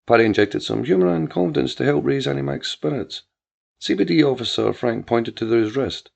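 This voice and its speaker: Male narrator, deep gravelly voice, dull lo-fi sound, faint music behind. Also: animated, fairly quick, a little mellow. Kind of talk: dramatic story reading.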